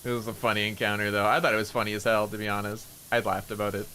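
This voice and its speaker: A man streaming a game, telling a story in lively casual chat with laughter and swearing. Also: on the low side, rapid-fire, slight background noise. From Canada.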